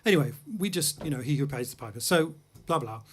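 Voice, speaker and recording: A man's voice: medium pitch, animated, fast, slightly rough. A man from England hosting a music livestream, chatting casually between songs in a studio with self-deprecating, anecdotal humor. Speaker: host and jazz pianist-singer.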